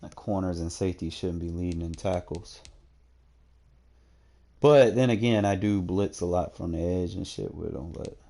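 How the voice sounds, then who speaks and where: Young man, casual gameplay commentary, low voice, warm tone, slangy, keyboard clicks behind. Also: moderate pace, vocal fry. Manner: laid-back, slangy, talks to himself while checking stats. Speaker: gaming streamer.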